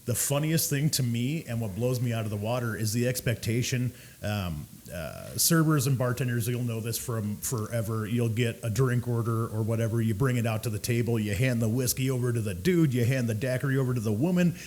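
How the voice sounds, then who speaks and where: A man's voice: medium pitch, fairly quick, hardly any pauses, darkish tone. Blunt, storytelling bartender man. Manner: blunt storytelling with swearing, mimics rude customers. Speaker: cigar bar staff and podcast co-host. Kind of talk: casual chat.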